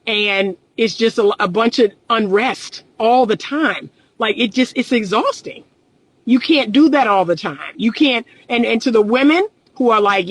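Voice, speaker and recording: A woman's voice: fairly high pitch, expressive, normal speed, rough recording. A middle-aged woman and relationship coach, talking candidly and emphatically in a casual livestream, repeating her points and often laughing.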